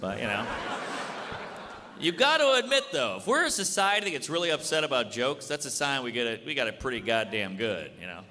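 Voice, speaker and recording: A man doing a stand-up routine on a club stage, delivering blunt, deadpan jokes and acting out quick bits of dialogue. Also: mid-range voice. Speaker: stand-up comedian. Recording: live club with audience noise and reverb. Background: laughing audience.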